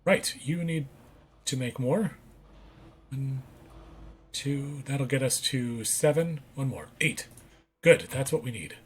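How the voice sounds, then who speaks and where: A man's voice: medium pitch, slow, long pauses, slight background noise. A man doing casual gameplay commentary, reading on-screen text aloud and correcting himself as he goes. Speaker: let's play gamer.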